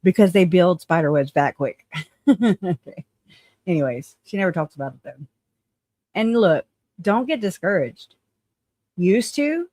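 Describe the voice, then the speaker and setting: Chatty streamer swearing a lot and thinking out loud, mid pitch, dry close mic. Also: dry recording. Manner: profane, chatty, laughing, thinking aloud. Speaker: streamer host. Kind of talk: casual live-stream commentary.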